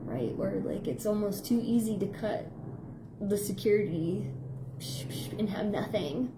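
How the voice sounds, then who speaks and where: Over a noisy background, a middle-aged woman speaks unhurriedly. She's a psychotherapist and behavior analyst whose rambling, stream-of-consciousness monologue is thick with fillers and dotted with playful squeak effects.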